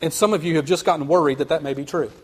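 A man preaching a sermon, speaking earnestly and building to quick, emphatic runs. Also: on the high side, husky. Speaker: pastor.

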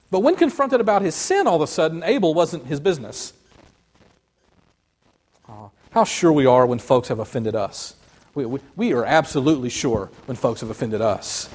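A man preaching a sermon, animated, acting out the voices of biblical figures as he goes. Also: a little high, normal speed, slightly rough. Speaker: pastor.

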